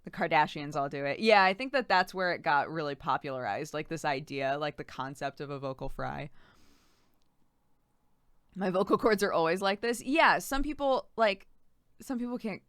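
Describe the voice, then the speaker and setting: Bright, crisp-voiced woman streamer. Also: sits low, moderate pace, no room sound, studio quality. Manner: chatty, giggly, thanking subscribers. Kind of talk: casual live-stream chat.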